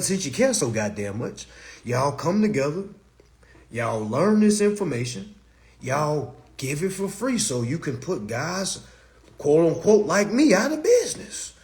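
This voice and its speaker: Animated, profane man ranting on a live stream. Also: fairly high pitch. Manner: blunt, profane, animated, with rhetorical questions. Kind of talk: casual live stream rant.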